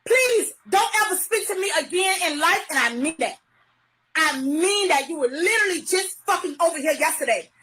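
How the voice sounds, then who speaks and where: A middle-aged woman in a heated, profane live-stream rant, often shouting. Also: extremely high pitch. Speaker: livestreamer.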